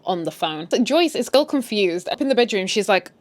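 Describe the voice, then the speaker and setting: A woman's voice: medium pitch, big pitch swings, a little fast. A woman casually recapping a TV series, with sassy, opinionated asides. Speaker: recap host. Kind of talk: casual story recap with commentary.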